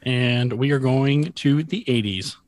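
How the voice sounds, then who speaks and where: A man's voice: medium pitch, slow. A man co-hosting a casual trivia quiz, announcing eras and making dry jokes. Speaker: quiz co-host. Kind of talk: casual quiz show banter.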